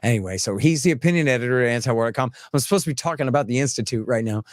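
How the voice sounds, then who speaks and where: A man hosting a podcast, chatting casually and telling animated, chuckling stories. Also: mid-range voice, racing, no echo, studio quality. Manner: animated, chuckling, repeats phrases. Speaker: podcast host. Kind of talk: casual chat, anecdotal storytelling.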